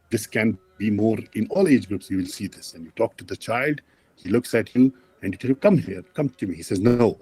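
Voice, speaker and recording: A man lecturing dental students, explaining plainly with many pauses and fillers and addressing the class directly. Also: lowish voice, darkish tone, breathy edge, no echo. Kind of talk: university lecture.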